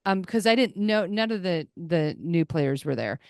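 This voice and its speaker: A woman hosting a podcast, telling stories in casual chat with quick asides and little voices for the people in them. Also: fairly low pitch, clean tone, no echo, studio quality. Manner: animated storyteller, quick asides and put-on voices. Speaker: podcast host.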